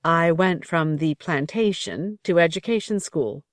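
Reader doing an old woman, higher voice, restrained, grieving, dry close sound. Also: measured pace, dry recording, close to an everyday voice. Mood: plain. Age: older. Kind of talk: audiobook character reading.

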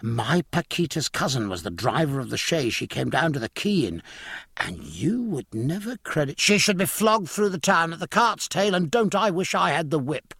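Male reader as a spiteful gossiping lady, bright and eager. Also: fairly high pitch, big pitch swings, moderate pace, breathy edge, dry recording, studio quality, pitched above the performer's own voice, heavily acted. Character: gossiping woman, excitable and spiteful.

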